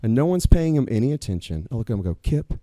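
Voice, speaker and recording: Male storyteller, warm low timbre, dry close mic, animated then earnest. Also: very fast, no room sound. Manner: animated, swears when quoting students, earnest at close. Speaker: storyteller, teacher and coach. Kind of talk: personal story told live on stage. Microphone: stage microphone.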